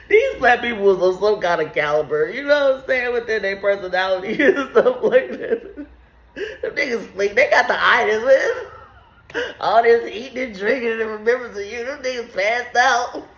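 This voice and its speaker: Her voice is a little high, fairly bright and expressive at normal speed as she hosts a video riffing on scripture with crude, profane humor. She laughs frequently mid-sentence, and the room gives the audio a noticeable echo.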